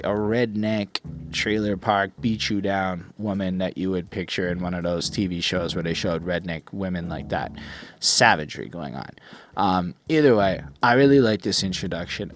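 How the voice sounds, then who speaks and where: A young man hosting a podcast, reviewing an album in a rambling, casual way with lots of "like" fillers. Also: on the low side. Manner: rambling, heavy on "like" fillers, animated retelling.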